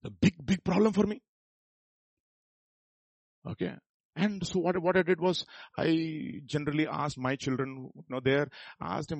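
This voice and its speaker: A middle-aged pastor with an Indian Telugu accent delivers a storytelling sermon. His voice is slightly husky, and the sound is close and dry. He slips into quoted voices and swells to forceful emphasis. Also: on the high side, fairly even intonation, normal speed, pauses often, no echo. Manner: storytelling with acted quotes and chuckles, rising to emphatic peaks.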